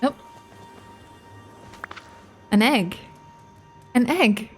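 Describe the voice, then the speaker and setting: A woman's voice: fairly high pitch, lively intonation, drawn-out words, soft background music. A young woman hosting a let's play, chatting casually and thinking aloud while she plays. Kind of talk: casual gameplay commentary.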